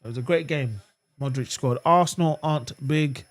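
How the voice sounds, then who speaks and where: A man whose voice is a little high, at a moderate pace, hosts a live watchalong of a football match on a fan channel. He's animated, answering and reading out viewer comments in a calm way, then erupting furiously at the referee.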